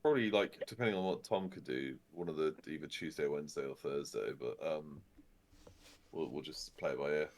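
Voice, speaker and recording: A man in casual chat after a tabletop game, animated and quick to laugh. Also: very deep voice.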